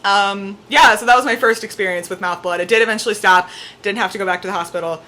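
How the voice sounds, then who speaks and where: A young woman vlogging at home, telling a story in a chatty, animated way, saying "like" often, with her cat on her lap. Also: mid-range voice, fast. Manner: chatty, peppered with "like", animated retelling. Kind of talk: casual storytelling to camera.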